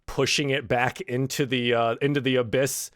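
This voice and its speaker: A man's voice: medium pitch, flat delivery, moderate pace, a bit bright, no echo, clean studio sound. A man narrating as game master of a tabletop game, rambling with many fillers and restarts.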